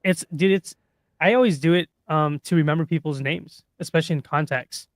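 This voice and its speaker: A man's voice: a little high, brisk, dry recording, studio quality. A man co-hosting a casual live-streamed podcast, easygoing and friendly in his banter. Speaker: podcast co-host.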